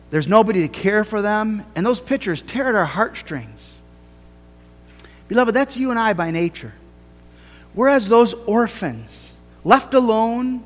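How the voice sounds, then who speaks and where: High-voiced man preaching in a reverberant hall. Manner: earnest preaching with slow, emphatic phrasing and rising cries. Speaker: pastor. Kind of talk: sermon. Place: church sanctuary. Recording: long reverb of a church hall.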